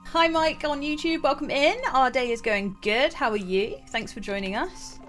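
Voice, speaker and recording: A woman co-hosting a casual gaming livestream, chatty and quick to laugh. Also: high-pitched, a bit bright, soft background music. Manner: giggly, chatty, laughs often. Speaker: stream co-host. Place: gaming livestream with game music behind.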